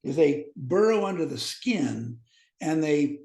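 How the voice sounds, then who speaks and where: A male physician in his fifties tells medical stories on a podcast interview, his voice on the high side and his pace slow. The room is echoey, and he brings the anecdotes to life by acting out what people said.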